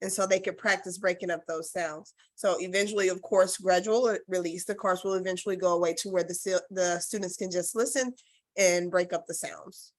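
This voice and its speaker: A woman's voice: lowish voice, steady tone, a little fast, no room sound. A woman presenting at a conference, explaining casually with some fillers. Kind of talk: presentation talk.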